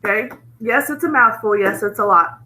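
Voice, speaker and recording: A woman teaching a phonics lesson, explaining patiently with gentle enthusiasm. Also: on the high side, normal speed, rough recording.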